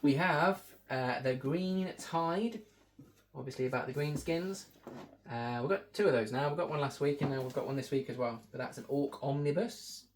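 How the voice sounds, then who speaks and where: A man's voice: on the high side, normal speed, slight background noise. A man from the shop staff, chatting casually through an unboxing with rambling, joking asides.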